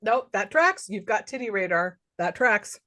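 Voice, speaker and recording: Lively, laughing woman podcast co-host. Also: mid-range voice, moderate pace. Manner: animated, laughs often while recapping. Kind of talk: casual movie recap chat.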